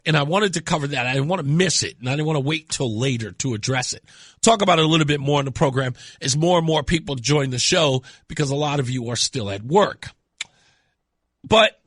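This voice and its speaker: A male talk radio host speaks in a bright, forceful voice that sits a little high. He hammers his points with repetition, and the studio sound is dry and close. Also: breathy edge, no room sound. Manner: emphatic, repeats key words for effect. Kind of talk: radio talk show monologue.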